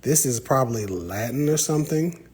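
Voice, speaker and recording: A man's voice: medium pitch, animated, normal speed, a little mellow, poor audio. A man hosting a casual live stream from inside a library, talking with viewers in a playful, teasing way. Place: indoor library.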